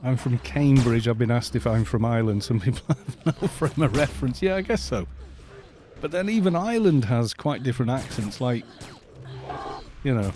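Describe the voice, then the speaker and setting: A middle-aged man from Wales with a mixed, softened Welsh accent, chatting casually on a gaming live stream, laughing often and grumbling at other players. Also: mid-range voice, expressive, moderate pace, a little hiss or hum. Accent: mixed British with softened Welsh. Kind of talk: casual live-stream chat while playing.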